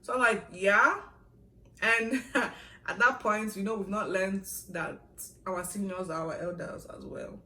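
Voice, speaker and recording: A young woman vlogger telling a story in a casual, animated way, with laughs and asides. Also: medium pitch, a little slow, slight background noise. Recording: echoey room, a little far from the mic.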